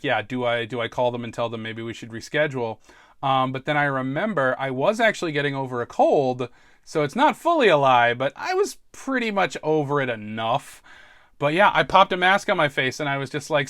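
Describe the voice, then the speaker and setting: A man's voice: mid-range voice, fairly bright tone, dry recording. Rambling, self-mocking man, dry close sound. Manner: self-deprecating, laughs often, trails off and restarts. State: stressed. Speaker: podcast host. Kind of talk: casual rambling monologue.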